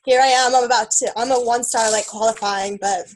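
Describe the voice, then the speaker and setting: A woman with a fairly high voice shares her own story in a loose, chatty way, thick with fillers and quoted self-talk. She sounds tearful as she speaks. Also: steady tone, a little fast, slight background noise, rough recording. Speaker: team member sharing her story. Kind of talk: emotional casual testimony.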